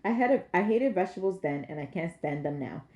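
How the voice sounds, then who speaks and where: 女性が演じるおしゃべりな若い母親. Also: female voice, lowish voice, lively intonation, fast talker, dark tone, roomy sound. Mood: nervous. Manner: rambling, talkative, eager. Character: chatty young mother, nervous and eager neighbor.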